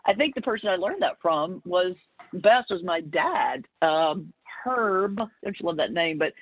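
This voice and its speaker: A woman who is a minister and comedian, telling a story in an interview in a playful, animated way. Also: fairly low pitch, husky, dry recording. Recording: dry, slightly muffled remote audio.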